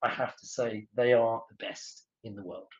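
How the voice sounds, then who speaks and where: A man's voice: medium pitch, steady tone, moderate pace. An English man, a tour leader, giving a chatty, explanatory talk about travel in a webinar. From England. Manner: chatty and explanatory, with filler uhs. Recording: dull lo-fi sound.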